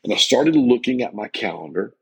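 A man's voice: mid-range voice, sing-song, brisk, gravelly, slightly rough, rough recording. A middle-aged man hosting a motivational podcast, talking earnestly and emphatically with many restarts. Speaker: life coach and podcast host.

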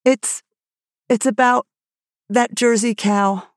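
A woman's voice: fairly high pitch, fairly even intonation, slow, dry recording, voice pushed up. An impulsive teenage girl pours out an earnest, breathless confession in a slightly raised voice, as a woman reads her part. The storybook reading sounds close and dry.

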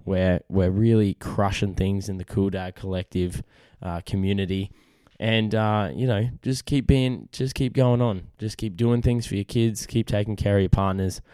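A young Australian man chats on his podcast in a loose, matey way, swearing freely. His voice sits low and mellow, and it is starting to go. The sound is close and dry. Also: steady tone, moderate pace, hardly any pauses, clear, resonant tone, dry recording. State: losing his voice. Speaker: podcast host. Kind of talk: casual chat.

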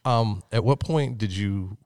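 A man hosting a casual interview, asking curious questions in a relaxed way and swearing casually. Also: lowish voice, measured pace, dry recording, clean studio sound. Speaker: interview host.

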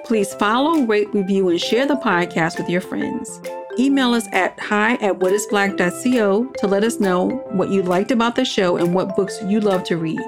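Gentle woman narrating a kids story. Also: mid-range voice, normal speed, over music. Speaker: narrator and host.

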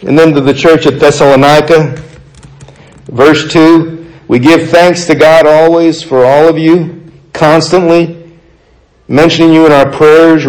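A man's voice: on the high side, a little mellow, low-quality recording. Earnest man preaching a sermon. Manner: earnest, conversational, slows for emphasis. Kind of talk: sermon reading and explaining scripture.

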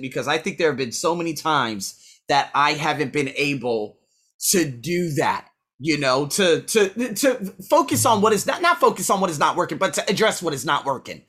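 A man's voice: high-pitched, animated, fairly quick, bright, forceful tone. A man who teaches, talking through a casual weekly self-review, rambling and blunt, swearing freely as he scores himself aloud.

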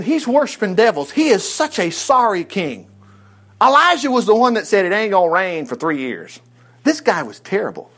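A middle-aged man preaching a sermon, retelling scripture with lively asides and exclamations. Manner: animated, swings pitch widely, asides and exclamations.

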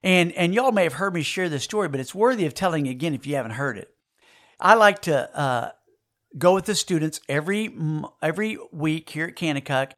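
A man, giving a folksy, animated storytelling sermon to young people. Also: a little high. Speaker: speaker at a youth camp.

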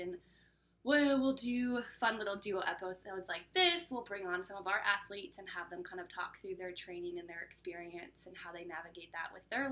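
Young woman cohost rambling happily about running and her dog, very bright voice, says like a lot. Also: lowish voice. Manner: chatty, heavy use of "like", quick laughs. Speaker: podcast co-host. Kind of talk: casual chat.

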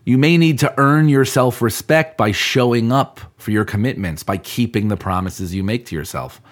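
A male podcast host speaks earnestly and directly to the listener, coaching them on keeping commitments in a motivational style. His voice sits at medium pitch and moves at a normal speed.

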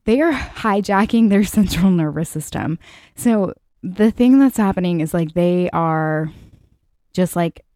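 Late-twenties woman hosting a motivational podcast; slightly low voice, dry sound, girlfriend-chat tone with swearing. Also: animated, measured pace, dark tone, no room sound. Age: late 20s. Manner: chatty, swears freely, bursts of hype. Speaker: podcast host.

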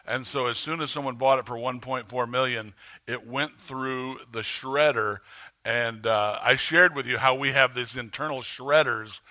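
Bright-voiced male pastor preaching. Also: steady tone. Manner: conversational, halting with fillers and restarts; rises in pitch and volume when stirring the congregation. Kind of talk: sermon. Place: church sanctuary.

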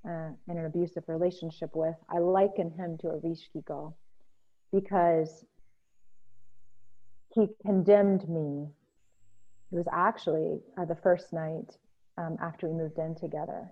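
Reflective woman telling a myth, phone-like. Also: lowish voice. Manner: slow, reflective, with pauses and fillers. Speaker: speaker sharing a personal story. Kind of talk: reflective personal storytelling talk. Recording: phone-like narrow sound.

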